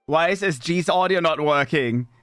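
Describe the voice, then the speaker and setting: A young man streaming live, chatting with viewers while fighting broken software, scattered and exasperated, cursing and leaping from mumbles to high squeaky outbursts. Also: normal speed, smooth, dry recording, studio quality, faint music behind. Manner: scattered and exasperated, swearing at tech trouble. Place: home streaming setup.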